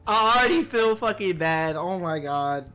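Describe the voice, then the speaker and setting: A young man in casual live game commentary, swearing a lot, his pitch jumping up when flustered. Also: animated, normal speed, bright, forceful tone, smooth, soft background music. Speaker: game streamer.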